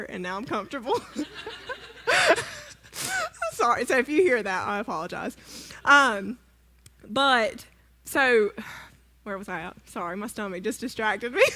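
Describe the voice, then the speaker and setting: Bright woman telling church stories. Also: on the high side. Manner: chatty, self-deprecating, asks audience questions. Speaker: speaker at church service. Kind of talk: humorous personal story sermon. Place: church sanctuary.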